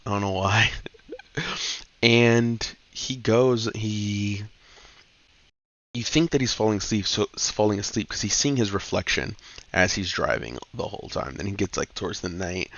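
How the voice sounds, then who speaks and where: A man hosting a casual comic book review, retelling plots in a slangy, profane, excitable way. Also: on the low side, a little slow, no room sound. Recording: dull lo-fi dry recording.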